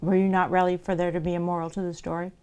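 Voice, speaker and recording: A woman's voice: on the low side, level tone, racing, warm tone, a little hiss or hum. A woman who makes soap, telling a playful story during a casual livestream. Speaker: soap maker streaming live.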